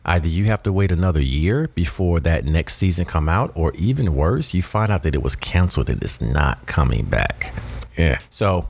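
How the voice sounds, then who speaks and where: A man's voice: low voice, expressive, normal speed, gravelly, slight background noise. A man from the South, casually rambling through a show review with lots of asides and fillers. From Southern United States. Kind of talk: casual monologue.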